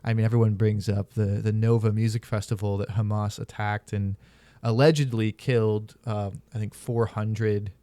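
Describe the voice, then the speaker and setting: A man's voice: on the low side, flat delivery, moderate pace, warm tone, clean tone, dry recording. Dry-sounding man hosting a podcast. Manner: candid, profane storyteller. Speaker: podcast host. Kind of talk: casual chat.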